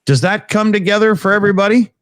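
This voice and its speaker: Halting man reading viewer messages. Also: high voice, steady tone, fairly bright tone, no echo, studio quality. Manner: halting, many fillers while reading. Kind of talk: casual livestream chat.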